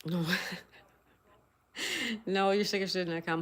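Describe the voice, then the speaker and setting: A woman's voice: lowish voice, fairly even intonation, a little slow, long pauses. A woman hosting a casual livestream, greeting viewers by name, reading chat messages aloud and spelling crossword answers letter by letter. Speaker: livestream host.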